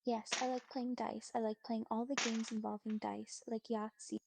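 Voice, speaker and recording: A woman giving calm, polite, reassuring replies in an even chatbot voice. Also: fairly high pitch, moderate pace, vocal fry, noisy background.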